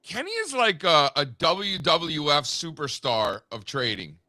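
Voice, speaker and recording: A man's voice: on the high side, sing-song, a little slow, pushed and bright, dry recording, studio quality. A man co-hosting a casual market show, loose and joking in manner. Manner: loose, joking, says "dude" and "like". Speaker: co-host.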